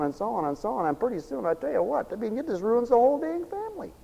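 A man preaching a fiery, folksy sermon, swinging from hushed asides to shouts. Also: very high-pitched, sing-song, quick pace, gravelly, few pauses, breathy edge, big-room sound, muffled recording.

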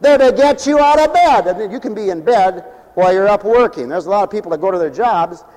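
A male preacher delivering an animated, joking sermon, swinging between loud calls and hushed asides. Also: high-pitched, fairly quick. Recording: long hall reverb.

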